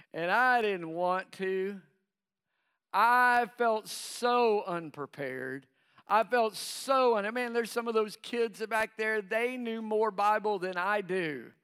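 A middle-aged man preaching in a high, bright voice that rings clear and smooth. He takes his time, speaking slowly and acting out the doubts of nervous believers between calls to the congregation. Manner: preaching with call-and-response asides. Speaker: pastor. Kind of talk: sermon.

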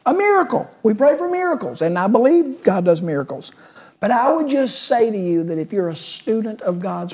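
Female preacher, sermon delivery, warm and breathy tone, emphatic repetition. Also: fairly low pitch. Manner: emphatic, building repetitive lists.

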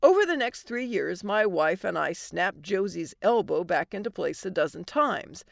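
A woman's voice: lowish voice, sing-song, normal speed, gravelly, no room sound. A woman hosting a storytelling podcast, narrating a comic story in a wry, dry manner.

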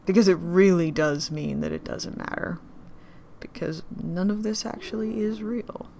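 An actress playing a drunk woman in an audio drama monologue, grieving and bitter, her voice shifting between whispers and louder outbursts. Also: lowish voice, steady tone, measured pace, vocal fry, background noise. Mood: unsettled.

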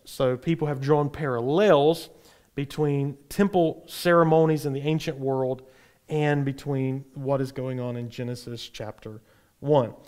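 A man teaching a Bible class, explaining in a relaxed, explanatory way with frequent fillers. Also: medium pitch.

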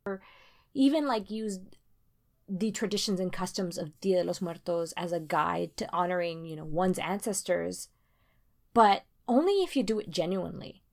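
A woman in casual conversation, rambling and restarting, getting animated when she makes a point. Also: lowish voice, moderate pace, vocal fry. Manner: rambling, self-interrupting, animated when emphatic.

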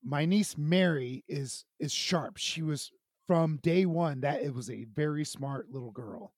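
A man co-hosting a podcast, telling a comic story in an animated way and laughing as he goes. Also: fairly high pitch, a little slow, no echo, clean studio sound. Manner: animated, laughing as he tells stories. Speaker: podcast co-host. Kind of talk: casual chat, comic storytelling.

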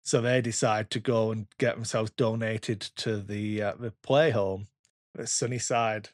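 A man's voice: fairly low pitch, measured pace, no echo, clean studio sound. Swearing man telling a story. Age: 30s. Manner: swearing, animated storytelling with quoted voices. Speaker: podcast host. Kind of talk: casual chat.

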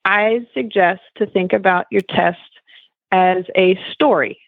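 Female judge-trainer guest, measured and deliberate delivery, dry phone-line sound. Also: mid-range voice, creaky, dry recording. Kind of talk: casual radio show chat.

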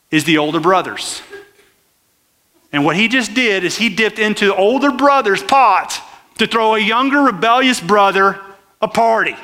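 Bright-voiced man preaching conversationally. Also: high-pitched, in a large hall. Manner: conversational, questions the crowd directly. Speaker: pastor. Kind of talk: sermon.

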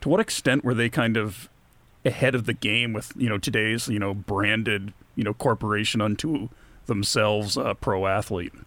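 A man's voice: fairly low pitch, normal speed, a bit bright, no room sound. A man co-hosting a podcast, asking long, searching questions filled with hedging fillers. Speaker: podcast co-host. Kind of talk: casual podcast interview.

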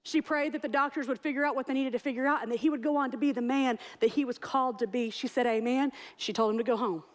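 Animated high-voiced woman preaching. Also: fast talker. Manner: animated, storytelling with acted-out quotes. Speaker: pastor. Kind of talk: sermon.

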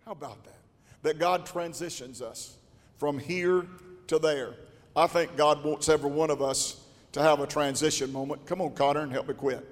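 An older man, pastoring and preaching a folksy storytelling sermon with a drawl that swells into shouting. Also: on the high side, fairly even intonation, normal speed. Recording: long church reverb.

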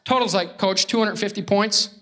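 High-voiced, animated male preacher. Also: normal speed. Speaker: pastor. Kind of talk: lively sermon with crowd call-outs.

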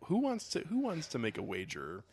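A man's voice: a little high, huge pitch swings, fairly quick, a little mellow, slightly rough. A young man hosting a podcast, chatting loosely about movies and swearing casually. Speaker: podcast host. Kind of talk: casual chat.

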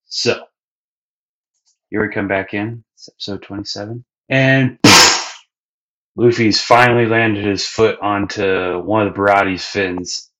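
A man with a lowish voice who recaps episodes in a loose, profane, storytelling way, jumping into the scenes. The audio is dull and lo-fi. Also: steady tone, a little slow, sharp tone, a little hiss or hum. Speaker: podcast co-host.

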